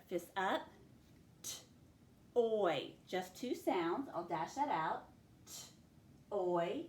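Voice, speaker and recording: A woman teaching a phonics spelling lesson, stretching out each sound of a word as she dictates it. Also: medium pitch. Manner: slow, stretched sounding-out of words. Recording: echoey room with faint ambience.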